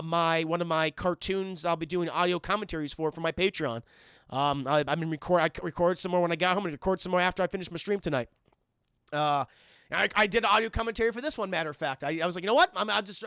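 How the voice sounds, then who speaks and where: A man on a live stream recapping a cartoon episode scene by scene, excitable and profane, constantly talking to his chat. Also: on the high side, quick pace, clean tone, no echo.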